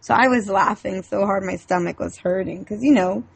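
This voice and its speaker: A woman's voice: medium pitch, normal speed, creaky, husky, dry recording. A woman co-hosting a casual podcast, talking in a chatty, rambling way with lots of fillers. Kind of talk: casual chat.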